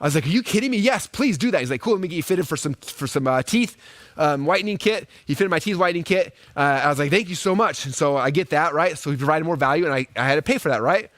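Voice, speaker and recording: A man in his thirties gives a live marketing lesson at a rapid clip, his voice sitting a little high for a man. He acts out the story with quick, animated asides and keeps asking "right?" to keep listeners with him. The sound is close and dry, with no room echo. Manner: fast, energetic storytelling with lots of "right?" and "okay?". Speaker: online marketing coach. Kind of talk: live webinar teaching.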